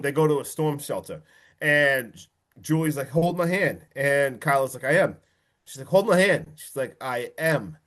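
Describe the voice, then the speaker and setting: A man hosting a podcast, excitedly recapping a horror film, swearing and acting out quotes. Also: medium pitch. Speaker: podcast host.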